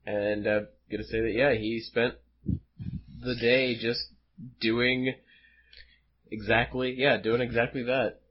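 A man casually describing his character's actions as a player, easygoing and a little halting. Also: mid-range voice, flat delivery. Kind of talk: casual tabletop play. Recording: dull lo-fi audio with faint noise.

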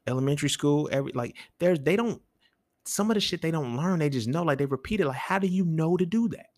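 A young man hosting a solo podcast, talking in casual street slang with lots of profanity and rhetorical questions that jump up in pitch. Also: expressive, fast talker, a little mellow, no echo. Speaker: podcast host.

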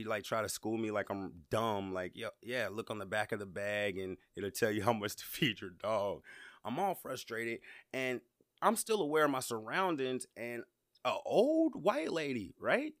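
A man's voice: medium pitch, fairly bright tone, no echo, studio quality. A man hosting a podcast, talking in a casual, emphatic motivational monologue and often repeating words as he builds up. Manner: conversational, emphatic, repeats words when worked up. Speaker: podcast host.

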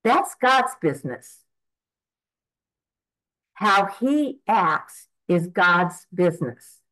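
An eighty-year-old woman tells her own story at a recovery meeting. She speaks in a fairly low voice for a woman, earnest and rambling, and keeps restarting her sentences. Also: very animated, drawn-out words, fairly bright tone, poor audio. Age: 80s. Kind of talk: personal testimony at a twelve-step meeting.

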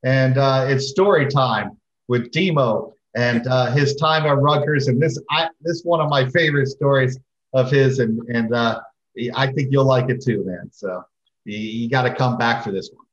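A man's voice: medium pitch, moderate pace. A man hosting a podcast in a loose, conversational way, leading into segments with plenty of fillers. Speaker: podcast host. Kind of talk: casual podcast chat. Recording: dull, roomy remote audio.

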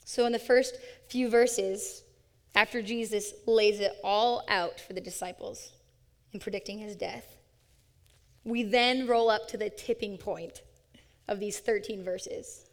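A woman's voice: mid-range voice, fairly even intonation, unhurried, in a large hall. A woman giving an interactive sermon to a live audience, upbeat and playful as she coaxes them to take part. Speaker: young adult ministry speaker.

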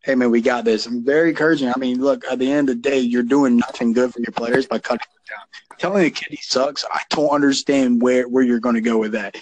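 A man's voice: medium pitch, fairly even intonation, brisk, rough recording. A man who coaches youth football, talking casually and emphatically on a podcast, often repeating words as he gets going.

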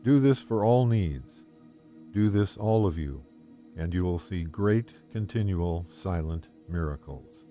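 A man reading a devotional text aloud in the first person, in a calm, gentle and measured way. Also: deep voice, soft background music. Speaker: devotional reader.

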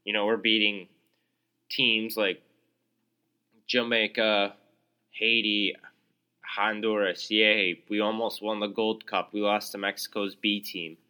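A man's voice: lowish voice, flat delivery, slow pace, long pauses, pushed and bright, clear, resonant tone. A young man hosting his own podcast alone, ranting in an exasperated, sarcastic way with lots of fillers and restarts. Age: young adult. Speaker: podcast host.

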